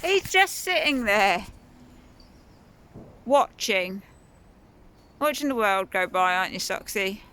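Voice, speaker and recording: A woman's voice: mid-range voice, very animated, slow, pauses often, fairly bright tone, clear, resonant tone. Woman cooing sing-song at her cat. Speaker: mother filming her cat. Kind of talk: casual vlog talk to a pet. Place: outdoor garden in the cold. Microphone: phone camera held by her.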